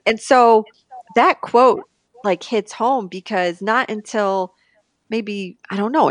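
Guest spot: woman telling her own story, halting then animated, close dry sound. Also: mid-range voice, dry recording. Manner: halting, restarts often, animated when quoting others. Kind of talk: candid personal conversation.

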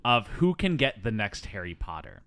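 Low, lively male podcast host, casual and chatty, dry close sound. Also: gravelly, clear, resonant tone, no room sound. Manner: chatty, many ums and quick asides. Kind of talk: casual movie podcast chat.

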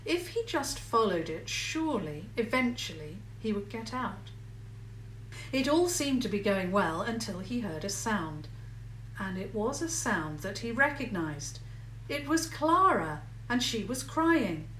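A woman narrating a children's story in a calm, measured way. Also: mid-range voice, echoey room, distant mic, a little hiss or hum, poor audio.

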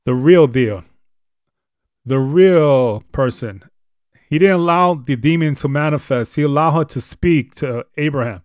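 A man's voice: medium pitch, no room sound, studio quality. A man hosting a live show, teaching on the Bible in an earnest, emphatic, repetitive way. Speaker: host.

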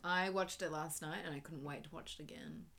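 A woman co-hosts a casual movie chat, dropping dry jokes in between. Her voice is low in pitch but bright and sharp in tone. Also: brisk, slight background noise. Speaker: podcast co-host.

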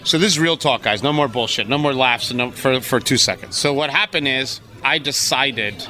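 Man, podcast guest, profane, excitable storytelling, sharp bright tone. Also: mid-range voice, normal speed. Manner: profane, excitable, laughs often. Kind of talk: casual storytelling.

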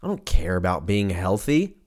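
A man's voice: low-pitched, sing-song, normal speed, darkish tone. A man hosting a podcast, rambling through a crude, self-mocking comedic monologue with lots of swearing. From Armenian and German heritage.

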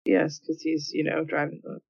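A woman's voice: sits low, level tone, brisk, creaky, a little mellow, slightly rough, no room sound, dull audio. A woman co-hosting a casual movie chat, answering in short, dry remarks. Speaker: podcast co-host.

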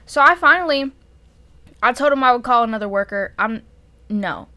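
A woman's voice: fairly high pitch, expressive, moderate pace, bright, forceful tone, dry recording. A young woman co-hosting a podcast, telling a work story in a profane, exasperated way. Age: young adult. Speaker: podcast co-host. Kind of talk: casual storytelling chat.

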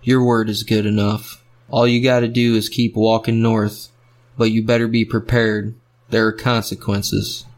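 A man voicing the devil at a crossroads, a tall barrel-chested figure who speaks in a slow, measured, knowing way. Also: on the low side, little pitch movement. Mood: menacing.

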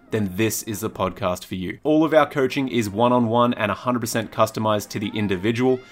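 A man who owns a coaching business, reading a direct, earnest podcast intro. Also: fairly bright tone. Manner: earnest, direct pitch to listeners. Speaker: podcast owner and head coach. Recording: faint music underneath.

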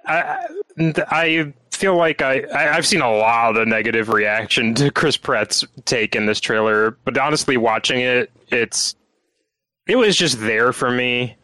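Man, podcast co-host, bright tone, dry close sound, analytical casual chat. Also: medium pitch, no echo, low-quality recording. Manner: measured, analytical, many fillers.

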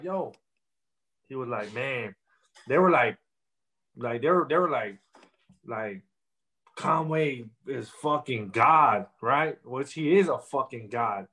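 A man's voice: mid-range voice, animated, moderate pace, a bit bright, rough recording. A young man, a rapper, telling his story in a casual interview in loose street slang full of fillers.

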